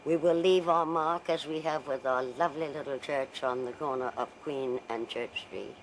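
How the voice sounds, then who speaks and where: A man speaks with proud, emphatic conviction, his voice mid-pitched. The sound is roomy, with faint hiss underneath. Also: fairly even intonation, moderate pace. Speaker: interviewee.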